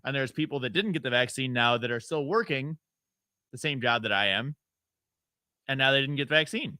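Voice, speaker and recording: In a dry recording, this upstate New York radio host talks a little fast with frequent pauses, his medium-pitched voice pushed and bright. His casual call-in show is rambling and opinionated, peppered with fillers and sarcastic asides, and he imitates people's voices to mock them.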